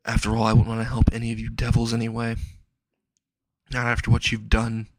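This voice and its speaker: A man voicing a cold, loyal young woman healer who speaks flatly to a prisoner. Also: mid-range voice, fairly quick, noisy background, lightly acted. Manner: cold, flat.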